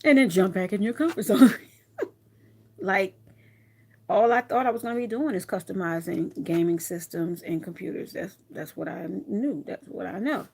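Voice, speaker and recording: A woman crafter chatting casually to her viewers, telling stories in a lively, animated way with frequent laughs and asides. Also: medium pitch, moderate pace, creaky, breathy edge. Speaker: craft vlogger.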